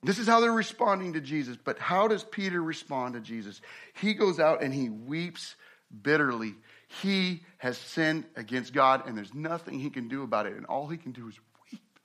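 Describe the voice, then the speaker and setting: A man preaching a sermon, acting out the people in his story and swinging from hushed, slow passages to loud, fast ones. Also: mid-range voice, expressive. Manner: dramatic preaching, acts out quoted voices, swings from hushed to loud. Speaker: pastor.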